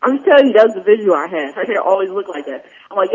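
A woman's voice: mid-range voice, lively intonation, rapid-fire, a little mellow. A woman hosting a podcast, telling stories casually with plenty of fillers and swearing. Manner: loose, profane storytelling with frequent fillers. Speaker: podcast host. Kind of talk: casual chat. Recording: dull lo-fi sound.

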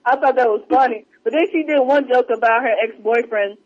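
Guy cohosting a podcast, high-ish voice, dull lo-fi recording. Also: fairly quick. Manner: animated storyteller, acts out quotes in a higher voice. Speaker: podcast co-host. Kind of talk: casual chat. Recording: dull lo-fi sound.

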